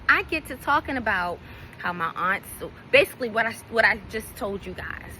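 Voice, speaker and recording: A woman's voice: medium pitch, animated, moderate pace, pushed and bright, a little hiss or hum, poor audio. A woman telling a personal story to camera in a blunt, profane, indignant vlog rant. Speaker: vlogger.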